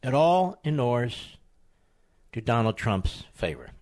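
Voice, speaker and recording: A man hosting a political talk radio show, combative and emphatic, with sudden high outbursts. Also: very animated, takes it slowly, a little mellow.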